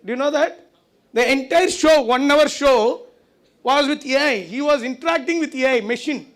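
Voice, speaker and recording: Speaking at a moderate pace in an extremely high-pitched voice, this conference speaker delivers a conversational talk in a conference hall, often turning rhetorical questions on the listeners.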